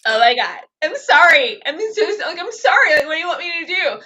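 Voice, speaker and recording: A woman's voice: very high voice, sing-song, fast, sharp tone. A woman co-hosting a casual TV recap, ranting with exasperated emphasis. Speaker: TV recap co-host. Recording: dull lo-fi recording.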